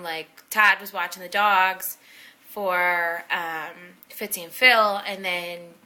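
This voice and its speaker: A woman's voice: on the low side, sharp tone. A young woman telling a rambling personal story in a casual vlog, full of fillers and asides. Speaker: blogger telling personal stories.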